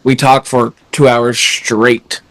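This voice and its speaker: A man's voice: mid-range voice, level tone, slow, fairly bright tone. A man in casual chat, telling a story and acting out the dialogue.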